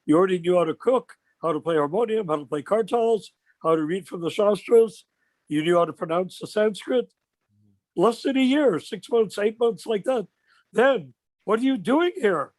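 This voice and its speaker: An older man leading an informal religious discussion on a video call, telling stories with rhetorical questions in an animated way. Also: sits high, moderate pace, dry recording. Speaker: discussion leader.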